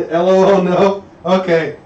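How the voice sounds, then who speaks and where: A man's voice: high voice, level tone, measured pace, darkish tone. A man hosting a casual live stream from his garage while working on an engine, reading chat aloud and rambling with trailing thoughts and restarts. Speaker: livestream host working on an engine. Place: home garage workshop. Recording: echoey garage, far from a dull mic.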